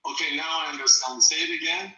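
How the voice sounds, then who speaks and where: A man's voice: fairly high pitch, fairly even intonation, fast, pushed and bright, reverberant, low-quality recording. A man with a Persian accent arguing in a heated online debate, mocking and insisting he is polite. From Iran. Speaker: debate participant.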